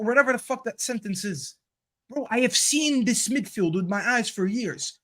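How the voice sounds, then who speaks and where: High-voiced man ranting about football. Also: animated, fairly quick, a bit bright. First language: Arabic. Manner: ranting, emphatic, swears freely. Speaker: football podcast panelist. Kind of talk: heated football debate.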